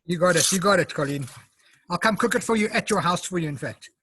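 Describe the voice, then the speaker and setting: This South African man gives a chatty cooking demo over a video call, detailing each step while he eats. He talks at a quick pace in a high, slightly bright, breathy voice, with no room sound.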